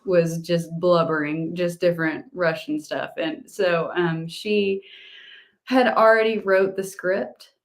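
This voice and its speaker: A woman's voice: on the low side, steady tone, slow pace. A woman actress being interviewed, bubbly and rambling, laughing easily. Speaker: actress, award nominee. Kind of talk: casual interview.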